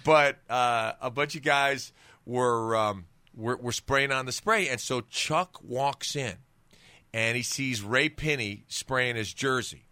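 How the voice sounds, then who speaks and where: A man's voice: mid-range voice, slow, clear, resonant tone, no echo. A man, a former pro football player, telling stories as a guest on an interview show, with many restarts. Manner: animated storyteller with many restarts. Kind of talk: casual storytelling interview.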